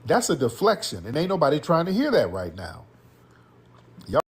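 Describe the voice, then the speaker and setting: A man's voice: on the high side, wildly swooping pitch, moderate pace, husky. A man giving political commentary in an emphatic, scolding way.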